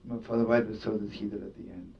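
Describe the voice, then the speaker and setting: The rabbi-storyteller here talks fast in a steady tone, with vocal fry in his voice. His sermon takes the shape of a story rich in Yiddish words and laughter. A faint rumble runs under the distant, dull, lo-fi recording.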